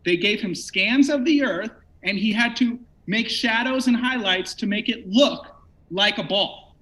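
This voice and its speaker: A man's voice: high-pitched, measured pace, sharp tone. A man arguing heatedly in a debate, combative and mocking, often talking over his opponent.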